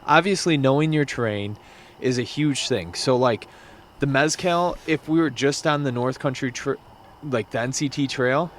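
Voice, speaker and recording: A young man guest on a podcast, telling a story casually with halting restarts. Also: medium pitch, a little hiss or hum.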